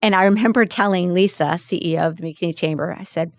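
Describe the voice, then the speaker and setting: A woman's voice: fairly low pitch, fast talker, no room sound, studio quality. A middle-aged woman from New Hampshire, a podcast guest, chatting enthusiastically in a casual interview. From southern New Hampshire, US. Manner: enthusiastic, talkative, restarts sentences. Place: podcast studio.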